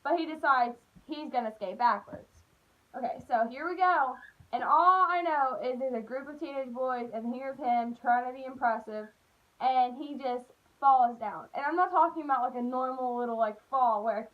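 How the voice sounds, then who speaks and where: A young woman telling stories in a chatty, animated way, full of "like.". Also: sits high, normal speed, highs cut off. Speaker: vlogger. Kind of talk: casual storytime.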